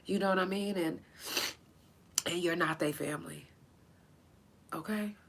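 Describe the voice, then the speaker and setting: A woman hosting a solo podcast, speaking in a halting, tearful way and pausing often to collect herself, with speech. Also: fairly low pitch, gravelly, fairly bright tone, slightly rough. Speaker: podcast host. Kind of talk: emotional solo podcast remembrance.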